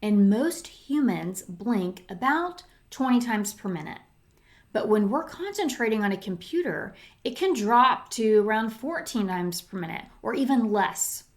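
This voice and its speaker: A woman's voice: mid-range voice, expressive, a little slow. A middle-aged woman hosting a solo podcast, talking in a chatty way with lots of fillers and restarts. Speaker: podcast host.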